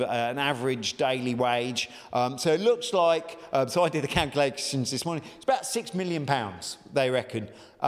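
Pastor preaching in a reverberant hall. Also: male voice, mid-range voice. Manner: chatty, animated, many fillers. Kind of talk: sermon.

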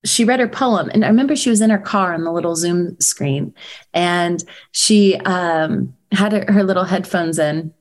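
A woman who teaches poetry, telling a story in casual chat with a frank, animated way of talking, full of "like" and the odd swear word. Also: fairly low pitch, moderate pace.

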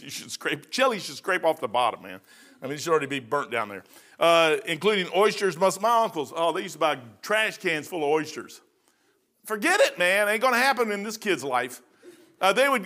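A man's voice: sits high, pushed and bright. A man in his sixties preaching an informal sermon in a folksy, rambling way with joking asides. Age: 60s.

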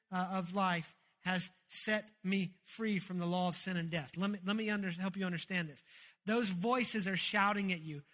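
A man's voice: sits high, fairly bright tone. A man preaching a sermon as pastor, earnest, often repeating and restarting his words, into a handheld microphone.

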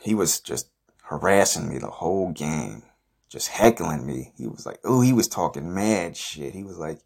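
A young man hosting a podcast, telling an absurd, profane, boastful story in a rambling deadpan way. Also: deep voice, moderate pace, vocal fry, slightly rough. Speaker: podcast host.

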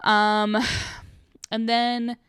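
Young woman, casual film recap chat, smooth clear voice, dry close sound, laughs a lot. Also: a little high, extremely slow, no room sound. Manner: animated, laughs often, acts out quotes. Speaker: podcast co-host.

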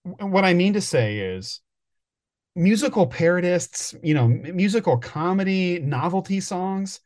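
A man's voice: high voice, expressive, a little slow, a little mellow. A man co-hosting a podcast, chatting casually with frequent laughs and restarts. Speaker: podcast co-host. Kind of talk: casual chat.

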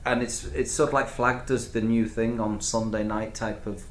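A man's voice: fairly low pitch, flat delivery, normal speed. Male host, rambling casual talker, roomy echo, faint hiss behind. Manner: rambling, chatty, full of restarts and asides. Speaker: podcast host reviewing TV shows. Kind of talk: casual chat. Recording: echoey room with faint background noise.

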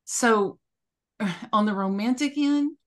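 A woman's voice: fairly high pitch, takes it slowly. A woman co-hosting a podcast, speaking frankly and directly in casual chat. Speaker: podcast co-host.

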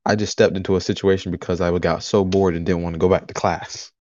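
A man as a player in a tabletop role-play, joking and halting in character. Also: low voice, flat delivery, darkish tone, no echo, highs cut off. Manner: joking, halting, repeats words.

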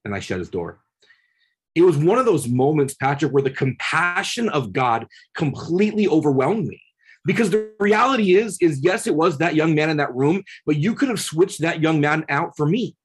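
A man's voice: on the high side, expressive, normal speed, slightly rough. A man, a podcast guest, telling a personal story earnestly and building to passionate peaks, often repeating his words. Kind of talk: casual conversation, storytelling.

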